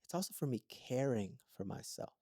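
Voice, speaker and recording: A man's voice: medium pitch, animated, normal speed, mellow, slightly rough, no echo, studio quality. A man co-hosting a podcast, telling his story in an earnest, thoughtful way in an intimate conversation. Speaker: podcast co-host.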